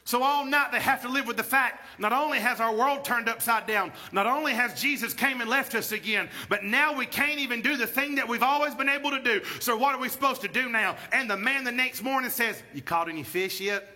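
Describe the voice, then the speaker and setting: A pastor in full preaching mode, his voice sitting very high and ringing bright. He calls out to the congregation for responses and climbs toward shouts as he preaches. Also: a little fast, hardly any pauses. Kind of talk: sermon. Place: church sanctuary.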